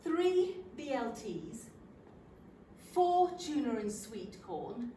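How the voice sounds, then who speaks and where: An older woman tells a wry, self-deprecating story on a theatre stage. Her delivery is slow and highly animated, pitched a little high. The sound is distant and echoey, with faint room noise. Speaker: stage actor performing a monologue. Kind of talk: theatrical comic monologue. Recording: roomy theatre, from a distant mic.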